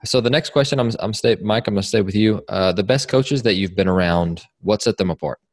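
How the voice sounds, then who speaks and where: A man moderating a panel, with upbeat, quick remarks and questions. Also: on the low side.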